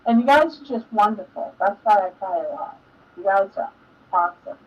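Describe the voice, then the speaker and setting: A woman's voice: medium pitch, lively intonation, a little fast, breathy edge. An older woman hosting a live stream, chatting casually and emotionally and laughing often. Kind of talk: casual chat. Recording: dull lo-fi sound, distant from mic.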